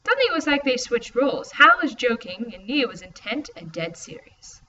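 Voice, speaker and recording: A woman narrating a young adult novel in the first person, in an expressive, lively reading style. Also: fairly high pitch, brisk. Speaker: audiobook reader. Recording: distant, muffled, faint hiss.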